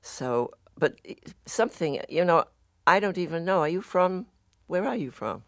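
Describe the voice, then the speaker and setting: A man's voice: sits high, animated, moderate pace, fairly bright tone, no echo, studio quality. A man hosting an interview, chatty and enthusiastic in casual talk. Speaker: radio show host.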